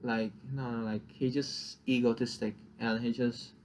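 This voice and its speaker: A man's voice: medium pitch, flat delivery, measured pace, darkish tone, slight background noise. A young man whose first language is Vietnamese, venting in a casual, profane rant and laughing at his own jokes. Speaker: vlogger.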